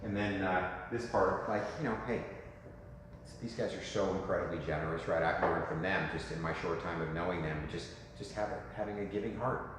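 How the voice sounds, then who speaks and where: A man in his fifties coaching a room of real estate agents in a lively, joking way, asking "right?" often. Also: low-pitched, fairly quick. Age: 50s. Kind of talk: talk to a room. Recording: echoey hall with faint noise.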